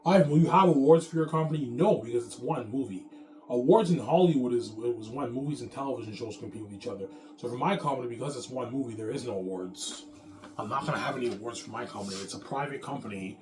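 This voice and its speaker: A man's voice: mid-range voice, fast, a little mellow, slight background noise. A man talking in a rambling, boastful, profane monologue, repeating himself as he goes. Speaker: vlogger. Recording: echoey room with music playing. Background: music.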